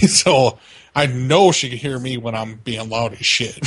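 Husky guy rambling and cussing nonstop, chatty stories, kinda rough voice. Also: medium pitch, slow. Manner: swears constantly, animated storytelling. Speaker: co-host of a prank call show. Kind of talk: casual profane storytelling.

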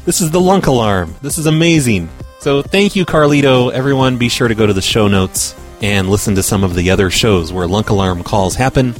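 A man's voice: medium pitch, expressive, fairly quick, hardly any pauses, soft background music. A man hosting a prank call radio show, brash and profane, talking casually and posing as an official on calls.

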